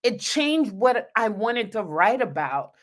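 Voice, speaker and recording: Slow, earnest woman reading aloud. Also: on the high side, very animated. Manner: earnest, heartfelt, talks to viewers directly. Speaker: pastor. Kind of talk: livestream reading from her own book.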